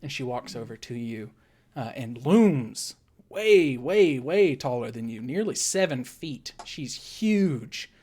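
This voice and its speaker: A woman running a tabletop game as dungeon master, setting scenes in slow descriptive narration. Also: a bass voice, lively intonation, warm tone, slightly rough.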